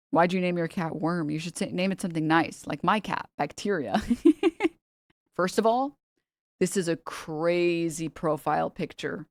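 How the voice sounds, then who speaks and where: A woman's voice: fairly low pitch, a little slow, long pauses, dry recording, clean studio sound. Blunt, profane American woman streamer. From United States. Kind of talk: casual reaction stream chat.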